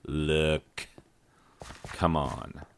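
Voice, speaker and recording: Very deep, gravelly, slow-talking American man. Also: flat delivery, slight background noise. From United States. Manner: rambling, joking asides, frequent fillers. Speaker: gaming channel host. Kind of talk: rambling commentary while playing a video game.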